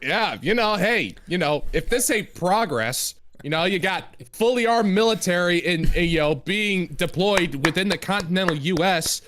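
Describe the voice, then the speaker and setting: High-voiced, laid-back male co-host. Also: moderate pace, hardly any pauses, slight background noise. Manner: relaxed, drawling, many likes and filler words. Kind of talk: casual comedy chat.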